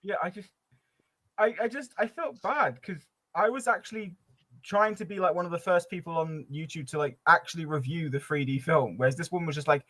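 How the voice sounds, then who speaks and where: A man's voice: on the high side, a little fast. A man from East London with a trained, neutral English accent, chatting casually on a livestream and acting out quotes as he tells stories. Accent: neutral English, trained from Cockney. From East London, England. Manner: animated storyteller who acts out quotes and laughs often. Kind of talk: casual chat.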